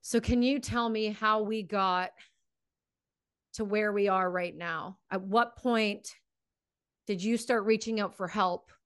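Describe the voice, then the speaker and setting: Taking it slowly, a woman speaks in a smooth, slightly bright, medium-pitched voice with fairly even intonation; the audio is studio quality with no echo. She's a podcast host whose passionate, emotional commentary is full of swearing before she begins interviewing her guest.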